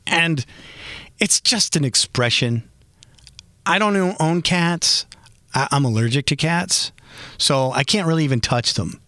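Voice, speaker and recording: Guy hosting a podcast, kinda high voice, rambly and jokey, dry close sound. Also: lively intonation, unhurried, pauses often, bright, forceful tone, dry recording. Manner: rambling, self-mocking, laughs often. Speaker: podcast host. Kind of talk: casual podcast monologue and interview.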